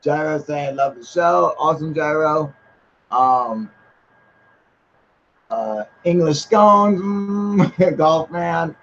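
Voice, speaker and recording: A man hosts a livestream, reading viewer comments aloud in loose, profane casual chat and laughing often. His voice is a little high, animated, and a bit bright, at a slow pace with long pauses, and the stream audio is muffled and lo-fi with a little hiss or hum.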